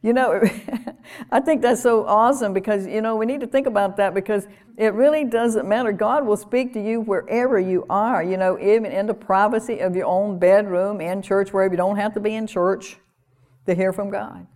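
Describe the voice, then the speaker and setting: A woman's voice: medium pitch, moderate pace, darkish tone. Earnest woman preaching a sermon. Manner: earnest, conversational preaching with small laughs and repeated phrases.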